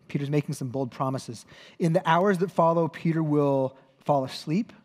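A man's voice: on the high side, moderate pace, a little mellow. A man preaching a sermon as pastor, telling a story conversationally with self-corrections and wry humor. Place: church hall. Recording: long hall reverb.

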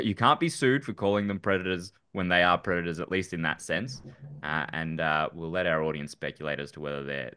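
A man's voice: low-pitched, pushed and bright, smooth. A man co-hosting a casual podcast, rambling through political chat with restarts and chuckles. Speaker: podcast co-host.

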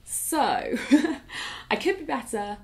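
Speaking slowly with lively intonation, a woman in her twenties with a slightly high voice works through viewer questions on her YouTube channel. It's a casual, reflective talking-head session full of "like" fillers.

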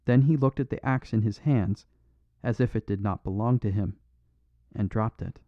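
Low-voiced male audiobook narrator. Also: moderate pace, no echo. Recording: dull dry studio recording.

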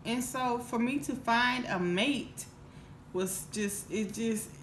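A woman's voice: fairly high pitch, slow pace, roomy sound, slight background noise. A woman vlogger telling a casual storytime, rambling and earnest with lots of restarts. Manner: rambling, with many restarts and fillers; emotional, earnest. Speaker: mukbang vlogger.

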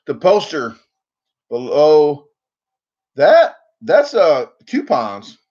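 A man's voice: a little high, wildly swooping pitch, very slow, darkish tone, breathy edge, lo-fi sound. A man hosting a casual livestream, rambling and joking, repeating words for laughs. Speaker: livestream host.

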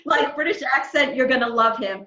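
A woman's voice: sits high, bright, forceful tone. A woman talking as a guest editor in a casual video call chat, enthusiastic and talkative. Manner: enthusiastic, talkative, quick laughs. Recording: roomy, slightly dull video call audio.

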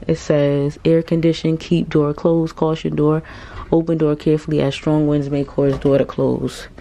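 A woman travel vlogger chatting excitedly to camera in a cruise ship cabin, repeating herself often. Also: deep voice, normal speed, a little hiss or hum. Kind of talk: casual chat to camera.

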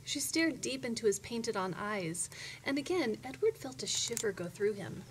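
Animated woman reading a children's book. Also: on the high side, moderate pace, a little hiss or hum, low-quality recording. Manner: animated storyteller, voices each character. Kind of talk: expressive read-aloud narration.

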